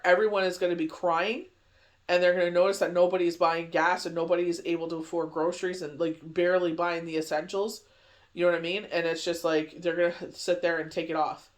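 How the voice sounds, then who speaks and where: High-voiced chatty man. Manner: rambling, chatty, heavy on "you know" fillers. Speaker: tarot reader. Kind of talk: casual daily tarot reading.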